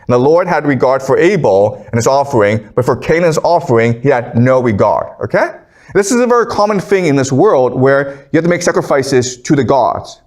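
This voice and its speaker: A man's voice: a little high, a little mellow. A man giving a classroom lecture in a conversational way, reading passages aloud and checking in with "okay?" after each point. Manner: conversational, keeps asking "okay?"; reads scripture aloud between explanations. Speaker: professor lecturing.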